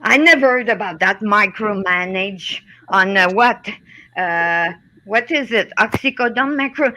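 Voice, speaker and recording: Middle-aged French Canadian woman, fired-up swearing rant, bright tone. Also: mid-range voice, measured pace, slight background noise, rough recording. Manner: heated, swearing, repeats "okay?". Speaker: guest on a live stream. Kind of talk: angry rant in a live chat.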